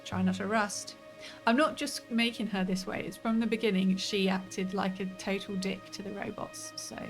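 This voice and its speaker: A woman's voice: mid-range voice, steady tone, normal speed. A woman streaming a story game, thinking aloud and chatting casually as she plays. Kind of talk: let's play commentary. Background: faint game music.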